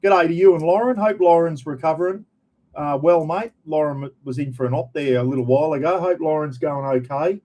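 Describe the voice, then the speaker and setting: A man's voice: a little high, fairly quick, mellow. Chatty Australian man greeting viewers. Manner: rambling, chatty, frequent "bloody" and "mate". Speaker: livestream host. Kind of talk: casual live chat greeting viewers.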